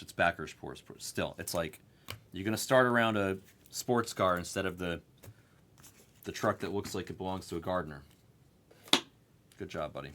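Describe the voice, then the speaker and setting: A man hosting a live card break, telling a story in an animated, profane rant. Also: deep voice, slight background noise.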